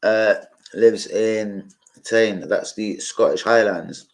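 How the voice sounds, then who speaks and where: Rambling, swearing man, lowish voice. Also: fairly even intonation, slow pace. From London. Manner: rambling, swears freely, chatty asides to viewers. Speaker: host of a live football watch-along. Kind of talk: casual live watch-along chat.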